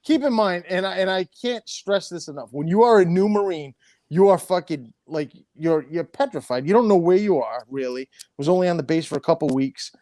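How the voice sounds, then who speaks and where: A middle-aged man tells a long, crude story in a rambling way. He swears freely and backs up to restart his sentences. His voice sits a little high, and it sounds dry and close to the mic. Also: lively intonation, brisk, mellow, no room sound. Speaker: storyteller guest. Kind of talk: casual profane anecdote.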